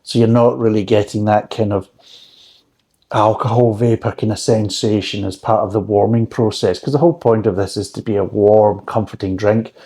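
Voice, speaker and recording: Mellow, rambling man chatting recipes. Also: on the low side, steady tone, moderate pace. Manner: rambling, chatty, dry joking asides. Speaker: drinks reviewer. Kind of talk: casual home recipe chat.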